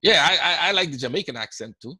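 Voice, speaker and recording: A man's voice: on the high side, expressive, fast, bright, forceful tone, husky, dry recording. A man with a Guyanese accent, hosting a trading webinar in a conversational way, often checking in with "right?" as he answers questions. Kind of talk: live webinar Q&A talk.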